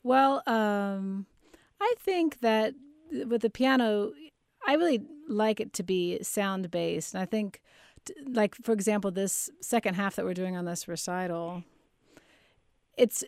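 A woman's voice: medium pitch, creaky, darkish tone, dry recording, studio quality. A woman who teaches singing and plays piano, explaining her views in a thoughtful conversational way. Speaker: voice teacher and pianist. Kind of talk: casual conversation.

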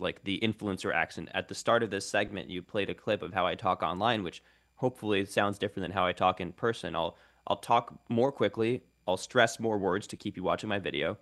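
An articulate male linguist answers questions as a radio guest, laying out his ideas step by step. His voice sits a little low and has a gravelly, creaky edge. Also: a bit bright. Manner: articulate, explanatory. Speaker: guest linguist and content creator. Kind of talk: radio interview.

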